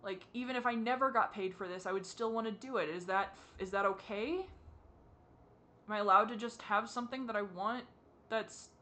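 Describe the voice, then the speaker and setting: A young adult vlogger crying while talking to the camera, asking halting, self-critical questions in a rambling way. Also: mid-range voice, bright, forceful tone. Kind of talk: confessional talk to camera.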